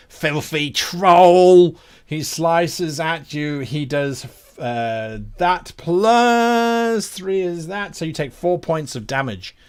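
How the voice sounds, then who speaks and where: A man acting as game master for a tabletop game, his voice sitting fairly high and swinging widely in pitch. He narrates the fight and rules the dice in quick, animated bursts, laughing often.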